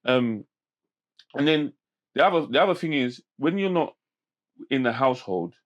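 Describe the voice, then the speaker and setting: A man, a guest on a casual podcast, tells stories in lively street slang. He restarts his sentences often as he gets going, and his voice sits at an ordinary middle pitch. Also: normal speed, muffled recording. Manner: animated storyteller, street slang, many restarts. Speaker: podcast guest, men's mental health campaigner.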